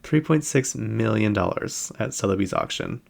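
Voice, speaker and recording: Low-voiced chatty male podcast host. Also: animated, normal speed, gravelly, hardly any pauses. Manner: chatty, rambling, many fillers. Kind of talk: casual chat about celebrity news.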